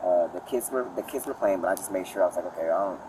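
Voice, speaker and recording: A man's voice: deep voice, rapid-fire. A man rambling to a police officer outdoors in a park, repeating himself, recorded from a distance on a body camera. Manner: rambling, repeats "literally" and "I was like". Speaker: suspect talking to police. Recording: distant body-cam audio, outdoor noise.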